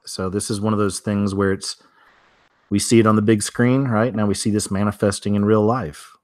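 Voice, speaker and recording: Guy doing weird news of the week, lowish voice, dry sound, reads stuff then rambles. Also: flat delivery, normal speed, no echo. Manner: chatty, reads headlines then riffs with asides. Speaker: news commentary host. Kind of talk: casual news commentary.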